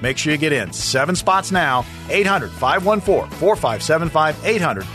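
A man's voice: fairly high pitch, big pitch swings, moderate pace, pushed and bright, faint music behind. A man co-hosting a radio show, reading upbeat promos and urging listeners to book spots. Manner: upbeat salesy, repeats calls to action. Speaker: radio co-host and announcer. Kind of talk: radio announcer reads and promos.

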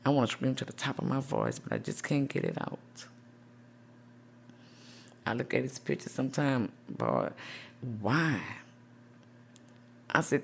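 Gravelly New woman, soft-spoken. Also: very deep voice, wildly swooping pitch, normal speed, pauses often. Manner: soft-spoken, emotional, many "you know"s. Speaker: grieving mother, support group founder. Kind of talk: news interview.

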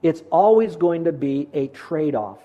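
A man preaching a sermon as pastor, earnest and measured, slowing down to stress key lines. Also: a little high, animated, dull audio. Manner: earnest, preacherly, slows down for emphasis.

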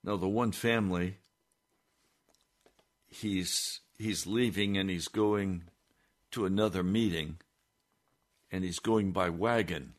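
A man preaching on a broadcast, telling a story slowly and deliberately. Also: deep voice. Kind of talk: sermon storytelling.

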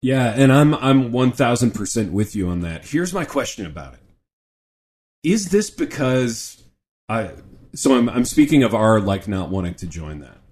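Middle-aged guy cohosting a podcast, jokey and lively, keeps saying dude, average pitch. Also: normal speed. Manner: animated, joking, says "dude" a lot. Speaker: podcast co-host. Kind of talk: casual podcast chat.

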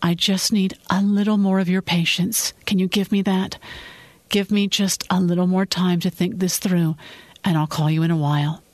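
A woman's voice: lowish voice, little pitch movement, moderate pace, a little mellow, dry recording, voice pushed up, close to an everyday voice. A woman voicing a determined wife who pleads with her husband in earnest in a fiction reading. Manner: earnest, apologetic, resolute. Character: determined young wife, private investigator. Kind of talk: audiobook-style fiction reading.

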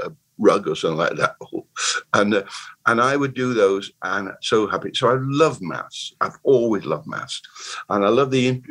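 A man in his eighties with a Bristol accent, telling stories as an interview guest in a rambling, animated way. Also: on the low side, poor audio. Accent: Bristol English. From Bristol, England. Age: 80s. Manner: rambling, animated, restarts words often. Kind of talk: casual conversational storytelling.

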